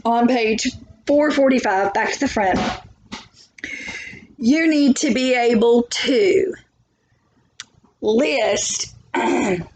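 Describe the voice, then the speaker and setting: A woman's voice: fairly high pitch, extremely slow, long pauses, a little mellow, slight background noise, poor audio. A woman teacher giving a biology lesson from home, chatty, thinking aloud and asking for agreement.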